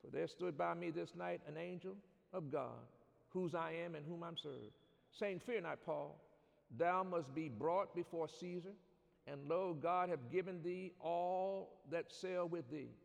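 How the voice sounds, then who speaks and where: A man preaching a sermon in a church, reading scripture and calling on the congregation to answer back, building to loud shouts. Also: on the high side, a little slow, vocal fry. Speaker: pastor. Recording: long hall reverb.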